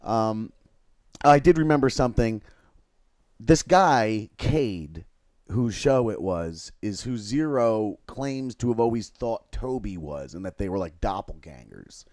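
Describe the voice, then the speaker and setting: A man hosting a livestream, telling a long, halting, rambling story with crude swearing. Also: lowish voice, lively intonation, a little mellow, no echo, clean studio sound. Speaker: livestream host.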